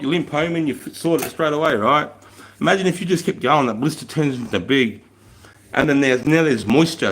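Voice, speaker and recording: An Australian man, a former army corporal, telling a story in a blunt, heavily profane, emphatic way. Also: a little high. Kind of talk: casual storytelling.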